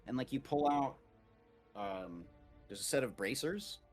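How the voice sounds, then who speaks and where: A man's voice: medium pitch, expressive, a little slow, a little mellow, faint music behind. A man narrating a tabletop game as game master in a casual, rambling way, full of "like" fillers.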